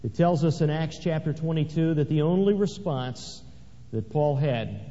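A man's voice: on the high side, moderate pace, mellow. A man preaching a sermon, swelling dramatically when he reads scripture aloud. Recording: echoey hall, dull lo-fi sound.

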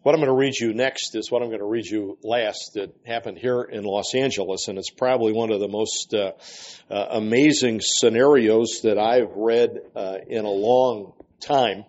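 A man's voice: fairly low pitch, steady tone, normal speed, a little mellow. A man teaching a workshop for ministers, speaking earnestly with frequent fillers. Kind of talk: lecture with reading aloud. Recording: dull lo-fi recording.

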